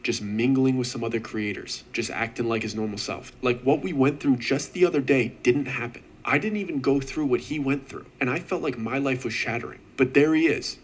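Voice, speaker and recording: A young man narrating a personal story in the first person, earnest and steady, with casual slang. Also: medium pitch, husky.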